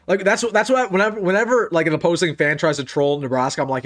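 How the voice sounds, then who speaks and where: A young man hosts a casual live sports stream and runs through his picks. His voice sits a little high, and his delivery is excitable and emphatic. He often repeats a line to drive the point home. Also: fast talker. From United States. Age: young adult. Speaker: sports channel host.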